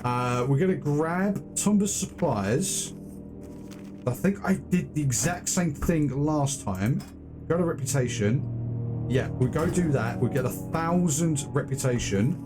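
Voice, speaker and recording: A man's voice: fairly high pitch, animated, a little slow, over music. A man streaming a fantasy game, chatting casually with viewers and reading quest text aloud. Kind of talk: live gameplay commentary.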